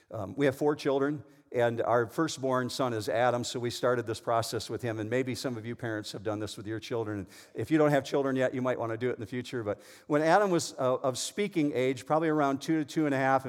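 A middle-aged male pastor preaching in a church sanctuary. His voice swings widely in pitch, rising to loud emphasis and dropping to hushed lines. A long reverb from the big hall trails every phrase. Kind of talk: sermon.

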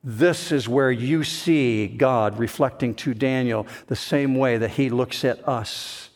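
A man preaching a sermon to his congregation, slow and emphatic, with rising bursts of intensity. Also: medium pitch. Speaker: pastor.

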